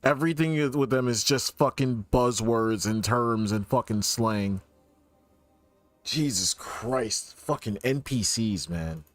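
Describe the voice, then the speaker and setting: A man's voice: mid-range voice, slow pace. A streamer rants in an irritated way with plenty of swearing while he plays and comments. His voice sits mid-range. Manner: profane, irritated ranting.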